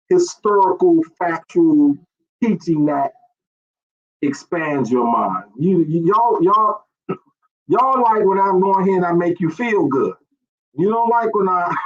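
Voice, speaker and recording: A man's voice: sits high, animated, takes it slowly. A man preaching an online sermon, asking rhetorical questions and repeating phrases. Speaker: pastor. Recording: dull lo-fi stream audio.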